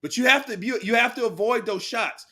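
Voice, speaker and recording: With a very high voice, a man offers rapid, casual, excitable commentary on a live boxing match, calling punches and swearing as he goes.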